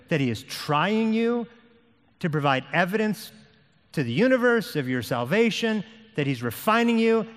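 A man preaching a sermon as pastor, with an impassioned delivery that rises and falls. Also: on the high side. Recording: long hall reverb.

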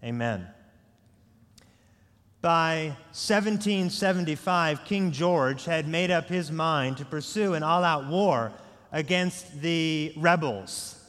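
A man preaching a sermon as pastor, earnest and measured, opening with a prayer. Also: fairly high pitch, fairly bright tone. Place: large church sanctuary. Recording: long hall reverb.

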